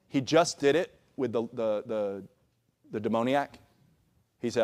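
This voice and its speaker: A man's voice: medium pitch, animated, normal speed, a little mellow. A male pastor preaching a conversational sermon, checking in with "all right?" asides. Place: church sanctuary.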